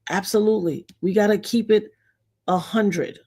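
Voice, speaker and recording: A woman hosting a casual livestream, telling blunt, emphatic stories in slangy talk, her voice swinging widely in pitch and loudness as she laughs her way through. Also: steady tone, moderate pace, slightly rough. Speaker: livestream host reading viewer comments.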